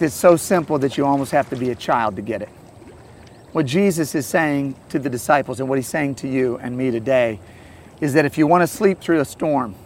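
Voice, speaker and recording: A man giving an earnest, storytelling sermon outdoors by a lake, swinging between loud and soft passages. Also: medium pitch, slight background noise. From St. Louis area. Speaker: pastor.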